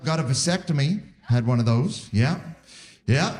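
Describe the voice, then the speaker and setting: Animated stand-up comic in his forties. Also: medium pitch, moderate pace, a crowd in the background. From Canada. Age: 40s. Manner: wry, animated, acts out voices. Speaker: stand-up comedian. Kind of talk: stand-up set. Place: live comedy venue with audience.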